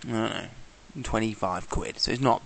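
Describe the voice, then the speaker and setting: A man's voice: on the low side, normal speed, gravelly, fairly bright tone, a little hiss or hum. A man talking casually in a travel vlog, exasperated and swearing, often imitating the people he met. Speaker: traveller vlogger.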